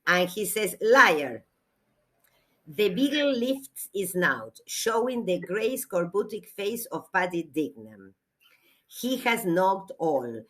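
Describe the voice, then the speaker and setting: A woman, a literature teacher giving a classroom lecture, reading aloud slowly and explaining with hesitations. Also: medium pitch, sing-song, a bit bright.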